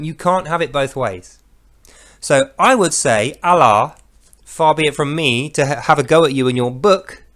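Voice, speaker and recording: A man's voice: high voice, a bit bright. A man hosting a mocking, profane commentary on scripture, speaking sarcastically. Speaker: host of a religious critique channel.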